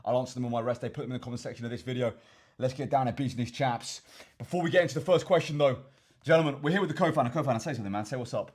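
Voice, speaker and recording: Young English male fitness vlogger, rapid delivery, slightly husky voice, chatty rambling Q and A host. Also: medium pitch, darkish tone. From England. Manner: rambling, repeats words, addresses viewers as chaps. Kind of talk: casual Q and A to camera.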